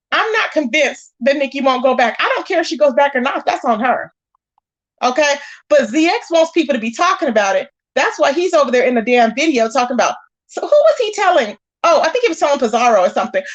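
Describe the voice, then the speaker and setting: A woman, hosting a live stream, commenting casually in an animated and exasperated way as she acts out quoted lines. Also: sits high, brisk, highs cut off.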